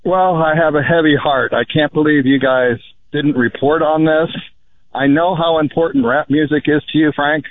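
A man's voice: a little high, fairly even intonation, normal speed, a little hiss or hum. A male radio caller putting on mock grief, melodramatic and feigning sorrow, heard over a phone line. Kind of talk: mock-grieving prank call.

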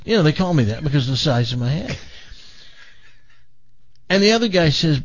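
Lively man telling a joke on the air. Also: fairly high pitch, a little fast, long pauses, dull audio. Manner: animated storyteller, restarts and repeats words. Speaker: radio show host. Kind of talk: joke telling on a talk show.

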